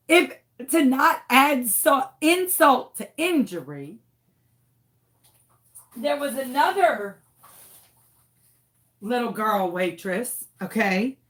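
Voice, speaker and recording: A woman telling a story to camera in a dramatic, exasperated way. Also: a little high. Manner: dramatic, exasperated, swings into shrieks. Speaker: crafting channel host.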